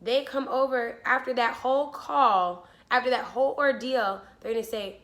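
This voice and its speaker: Bright-voiced young woman telling a wild story. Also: a little high, moderate pace. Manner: casual, swearing, heavy use of "like", acts out quotes. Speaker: vlogger. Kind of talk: storytime vlog.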